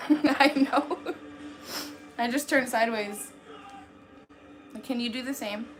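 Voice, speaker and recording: A young woman hosting a livestream chats casually with her live chat, rambling with plenty of fillers, laughing a lot, and swearing freely. Her voice is on the high side and slow, with background noise present.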